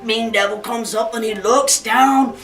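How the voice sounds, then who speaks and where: A woman's voice: on the high side, fairly even intonation, measured pace, a bit bright. Woman spinning a folktale, playful and theatrical, mic kinda far, echoey room, some music. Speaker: storyteller. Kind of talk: folktale narration. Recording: roomy distant recording, faint music.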